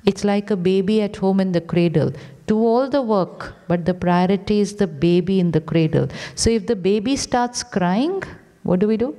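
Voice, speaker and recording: Calm woman teaching meditation on stage. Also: medium pitch, normal speed. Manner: short repeated commands, rhetorical questions. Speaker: spiritual teacher. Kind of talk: inspirational talk on stage. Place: large theatre. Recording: long theatre reverb.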